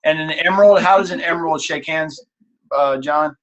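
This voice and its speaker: A man leads a team call and coaches in a lively, informal way. He often acts out examples, and his voice sits a little on the high side. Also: moderate pace, muffled recording. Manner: animated, acts out examples in changing tones.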